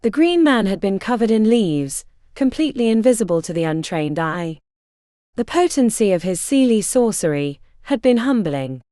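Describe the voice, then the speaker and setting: A woman reading a fantasy audiobook aloud in an expressive, dramatic way. Her voice is dark and mellow, with wide, lively pitch movement, and the recording is close and dry. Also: moderate pace, no room sound. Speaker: audiobook narrator. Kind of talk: scripted audiobook narration.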